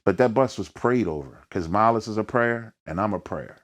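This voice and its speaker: A low-voiced man with a Philadelphia accent sits down for an interview about his rap career. He talks in thick slang and tells his stories with energy, acting out the voices and sounds in them. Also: lively intonation, normal speed. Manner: slangy, peppered with "you know what I mean". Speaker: rapper, interview guest. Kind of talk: storytelling in a sit-down interview.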